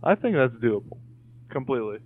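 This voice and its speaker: A man in casual podcast chat, rambling through his thoughts with plenty of fillers and casual swearing. His voice comes through a thin, phone-like call line, at an ordinary middle pitch. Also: big pitch swings, fairly quick, no room sound. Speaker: podcast co-host. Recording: tinny phone-like call audio.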